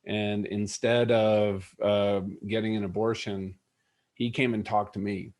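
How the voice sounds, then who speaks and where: Man, middle-aged, low voice, interview guest, earnest and animated storytelling. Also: a little slow.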